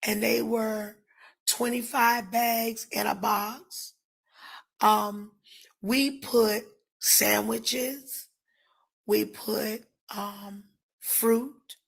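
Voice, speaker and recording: A woman preacher on a live stream, ranting emotionally and speaking straight to her viewers by name, often rising to shouts. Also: on the high side, fairly even intonation, drawn-out words, vocal fry, long pauses, breathy edge.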